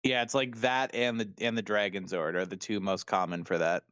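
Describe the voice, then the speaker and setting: A man's voice: on the low side, flat delivery, fairly quick, a bit bright, no room sound. Male podcast co-host, casual and jokey; resonant voice, dry recording. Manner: loose, laughing often, swears casually. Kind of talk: casual recap chat.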